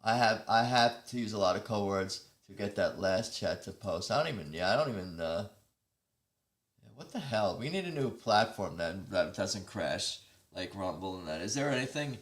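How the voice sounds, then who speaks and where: A man's voice: lowish voice, expressive, normal speed, a bit bright, reverberant. A man hosting a casual live stream, rambling and breaking off mid-sentence as he chats with viewers. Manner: rambling, self-interrupting, chatting with viewers.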